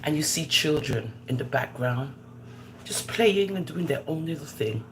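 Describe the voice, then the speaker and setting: Animated Jamaican woman on a live stream. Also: normal speed, background noise. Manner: animated, scolds viewers in patois, swooping pitch. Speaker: livestream host. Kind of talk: casual live stream chat.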